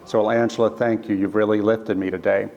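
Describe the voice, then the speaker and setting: A man, an author, telling a personal story in an earnest, halting way, restarting phrases and quoting other people. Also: lowish voice, level tone, vocal fry, highs cut off. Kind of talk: storytelling talk. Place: church. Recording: long church reverb.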